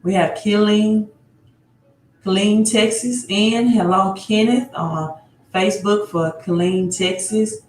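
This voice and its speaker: Lady livestream host, slow easy pace, echoey room, calls out viewers and keeps saying right. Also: mid-range voice, a little hiss or hum. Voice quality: repeats place names, tags phrases with "right?". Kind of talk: live-stream chat greeting viewers. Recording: roomy echo.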